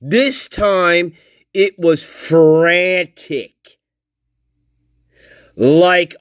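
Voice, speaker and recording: A man hosting a livestream, slowly reading out and mocking a statement in a profane rant. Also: on the high side, expressive, a bit bright, no echo, clean studio sound. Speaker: channel host. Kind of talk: livestream commentary.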